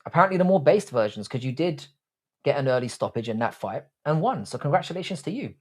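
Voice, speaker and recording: A man's voice: medium pitch, sing-song, fast, darkish tone. A young man hosting a live stream, reading out viewer comments and answering them with crude, cocky banter and calling himself "your boy". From Britain. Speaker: livestream host.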